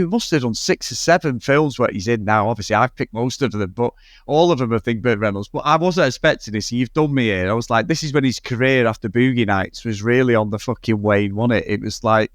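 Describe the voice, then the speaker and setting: A man's voice: mid-range voice, fairly quick, dry recording, studio quality. A man co-hosting a casual film podcast, teasing his co-host and swearing freely. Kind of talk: casual chat.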